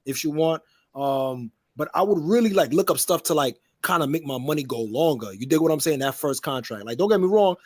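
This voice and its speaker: A man's voice: a little high, lively intonation, a little fast, darkish tone, dry recording, studio quality. A man in a casual podcast chat, slangy and full of fillers, checking in with the listener over and over. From New York. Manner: slangy, full of fillers like "you dig what I'm saying".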